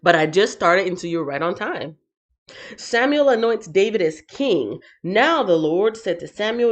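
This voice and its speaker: A woman's voice: medium pitch, lively intonation, a little slow. A woman from the northern United States hosting a live stream, chatting casually with viewers and reading the Bible aloud, laughing often. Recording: slightly dull lo-fi stream audio.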